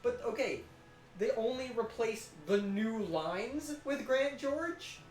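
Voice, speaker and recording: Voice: mid-range voice, animated, slow, a little mellow. A speaker chatting casually while playing a video game, explaining game trivia and trailing off mid-thought. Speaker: let's play co-host. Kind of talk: casual gaming chat. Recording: roomy sound with game music.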